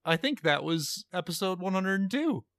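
A man hosting a casual podcast, teasing his co-host with quick interjections. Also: high voice, sing-song, a bit bright, no echo. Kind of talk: casual chat.

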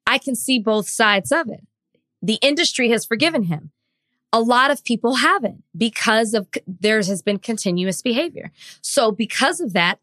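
A woman's voice: on the high side, bright, forceful tone, no room sound. A woman co-hosting a podcast, talking in casual chat and laying out her view step by step. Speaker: podcast co-host.

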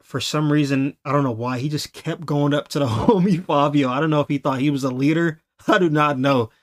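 Man, podcast host, casual storyteller, animated, laughs a lot, slightly high voice. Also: a little fast. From Los Angeles.

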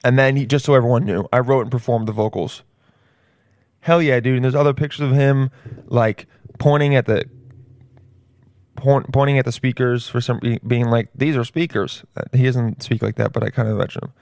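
Excitable, slangy man riffing. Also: medium pitch, brisk, gravelly, no room sound, clean studio sound. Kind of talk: casual comedic riffing.

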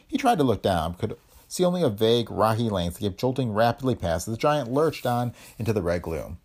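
A man narrating a pulp adventure story in a dramatic, expressive storytelling manner. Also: fairly low pitch, brisk.

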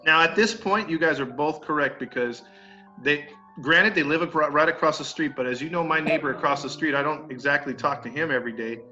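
A man spins a casual story for his listeners, acting out the neighbors he quotes with a few mild curses. His voice is bright and forceful and sits a little high. The recording is dull and lo-fi, with faint music underneath. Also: fairly quick. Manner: animated, acts out quoted neighbors, mild cursing. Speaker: podcast storyteller.

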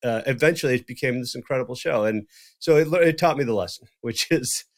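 A middle-aged man co-hosting a podcast tells a story in casual chat, talking fast at a medium pitch. He's animated and profane, swearing freely and acting out the quoted dialogue.

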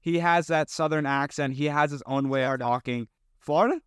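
A man co-hosting a podcast, talking loosely and circling back through fillers and restarts. His voice is smooth and resonant. It is recorded dry and close, with little room sound. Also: on the high side, normal speed, fairly bright tone, no room sound. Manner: rambling, with many fillers and restarts. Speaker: podcast co-host. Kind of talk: casual chat.

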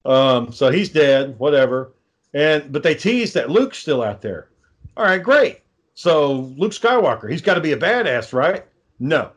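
A man's voice: fairly high pitch, big pitch swings, measured pace, husky. A swearing, ranting man in casual chat. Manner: ranting, sarcastic, swears constantly.

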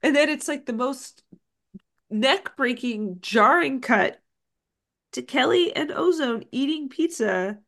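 A woman's voice: high voice, lively intonation, takes it slowly, creaky, a bit bright. A woman co-hosting a podcast, recapping a film scene by scene in casual, profane chat. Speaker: podcast co-host.

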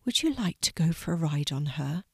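A woman whispering as a tiny gentle fairy. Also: low voice, sing-song, normal speed, breathy edge, no echo, clean studio sound, full character voice. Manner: soft, hushed and kindly.

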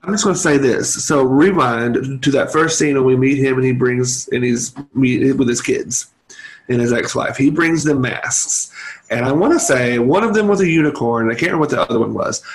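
A man's voice: medium pitch, moderate pace, poor audio. A man co-hosting a podcast, retelling a movie plot in casual chat with wry asides and laughter. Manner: chatty storyteller, wry, laughing. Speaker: podcast co-host.

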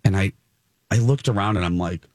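A man's voice: deep voice, a little fast, a little mellow, no room sound, clean studio sound. A middle-aged man telling a rambling story in a casual chat, often correcting himself.

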